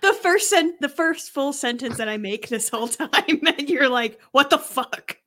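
A woman's voice: high-pitched, lively intonation, normal speed, fairly bright tone. Giggly woman teasing her co-host. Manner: laughs easily, teasing. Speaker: podcast co-host. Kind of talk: casual chat. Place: at home.

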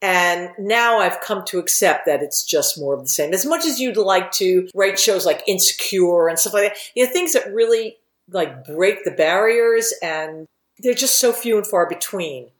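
A woman's voice: medium pitch, animated, moderate pace. Middle-aged woman, interview guest, rambling candid stories, cusses casually, echoey room. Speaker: guest, TV writer and producer.

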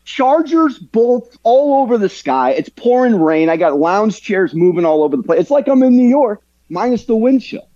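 A man's voice: high-pitched, sing-song, normal speed, warm tone, muffled recording. A man joining a sports radio show as a betting analyst from his home, joking and upbeat. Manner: jokey, upbeat. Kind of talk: casual remote guest chat. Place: home in Southern California.

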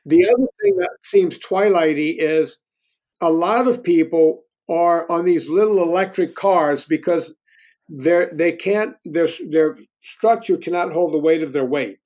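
A man's voice: a little high, measured pace, darkish tone. A man in his fifties, a guest telling stories in casual conversation, candid and self-deprecating, often restarting his sentences. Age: 50s.

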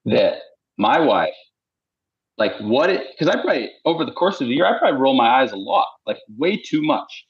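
Chatty man on a slightly muffled podcast. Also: medium pitch. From Utah. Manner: rambling and animated, heavy filler "like", acts out quoted voices. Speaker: podcast guest, hunter. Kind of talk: casual podcast chat. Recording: slightly dull lo-fi podcast audio.

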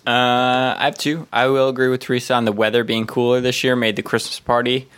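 A man co-host at a middle pitch, sharing picks in a casual chat. He hesitates a lot, with pauses and fillers between phrases. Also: little pitch movement, a bit bright, clean tone. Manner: hesitant, many ums and uhs. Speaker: podcast co-host.

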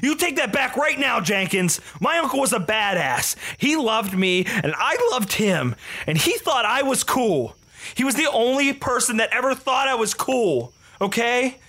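A man playing a hotheaded young man who shouts and seethes with threats. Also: extremely high pitch, very animated, unhurried, exaggerated voice. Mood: seething.

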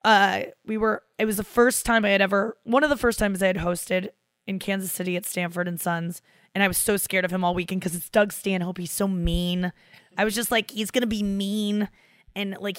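A woman's voice: mid-range voice, brisk, smooth, dry recording, clean studio sound. A woman in her thirties, a comedian, chatting casually on a podcast and acting out the people she quotes. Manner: animated storyteller who acts out quoted voices. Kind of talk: casual chat.

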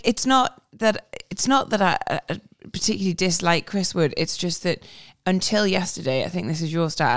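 A woman's voice: sits low, no echo, studio quality. A woman co-hosting a podcast, chatting casually about football in a rambling way with many fillers. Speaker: podcast co-host. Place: recorded in person with co-hosts.

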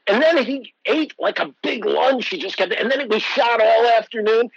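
A man in his sixties, an actor guest telling animated anecdotes and acting out the voices of people he quotes. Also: extremely high pitch, normal speed, gravelly, breathy edge, highs cut off. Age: 60s. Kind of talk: storytelling interview.

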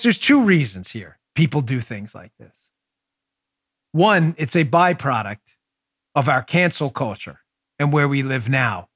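A man hosting a political talk show, telling stories and arguing emphatically in an animated way. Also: on the high side, no echo, clean studio sound. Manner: emphatic, animated storytelling with laughs. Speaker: podcast host.

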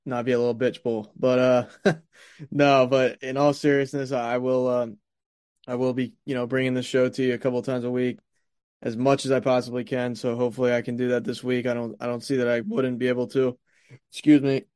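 A man with a raspy voice hosting a casual sports podcast, rambling with lots of fillers and restarts, just over a stomach bug. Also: mid-range voice, flat delivery, brisk, darkish tone, dry recording, clean studio sound. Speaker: podcast host.

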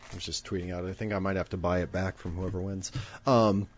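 Man, lower voice, excitable casual co-host, running giveaways, joking. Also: fast, slight background noise. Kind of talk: casual live-stream chat.

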